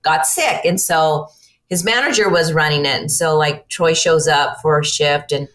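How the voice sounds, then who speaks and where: A woman's voice: sits low, moderate pace. A middle-aged woman telling a family story as a podcast guest, chatty and rambling, with many fillers. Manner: chatty, rambling, heavy use of fillers like "you know" and "like"; acts out family conversations with lively quoted voices. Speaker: guest, mother and business owner. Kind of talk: casual storytelling in a podcast interview.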